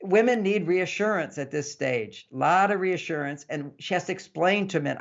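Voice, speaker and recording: A man, a relationship author, explaining in an interview in an animated way and acting out couples' dialogue. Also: high voice, normal speed, gravelly, hardly any pauses. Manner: animated, acts out couples' dialogue in varied voices. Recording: dull lo-fi sound.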